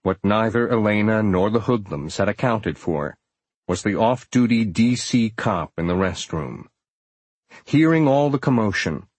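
Husky low-voiced male audiobook narrator. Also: dry recording. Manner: steady, dramatic storytelling.

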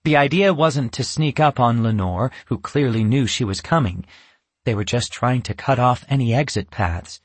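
A man narrating a children's storybook in a steady, even reading voice. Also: mid-range voice, moderate pace, husky, no echo.

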